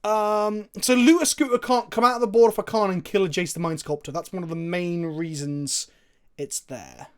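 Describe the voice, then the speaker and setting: An excitable man talks through his card game on a live stream. He thinks out loud and swears freely. He speaks into a desk microphone. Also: sits high, moderate pace, smooth. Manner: excitable, profane, thinking aloud.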